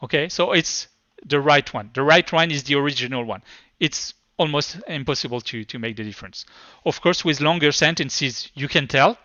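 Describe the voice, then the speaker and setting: A man's voice: on the high side, moderate pace, hardly any pauses, sharp tone, no room sound, dull audio. A man with a thick French accent, his first language French, giving a live technical presentation in a hesitant, stop-start way. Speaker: tech conference speaker.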